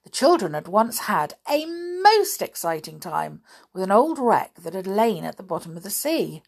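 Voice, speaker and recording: A woman reading a children's storybook aloud, steady and measured. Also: medium pitch, vocal fry. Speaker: audiobook reader. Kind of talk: storybook narration.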